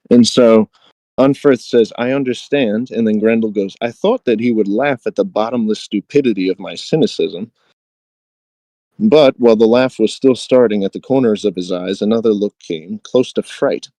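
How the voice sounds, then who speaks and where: A man's voice: on the low side, moderate pace, mellow, no echo, rough recording. A man co-hosting a podcast, chatting casually with many fillers and reading book passages aloud with light dramatic emphasis. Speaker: podcast co-host.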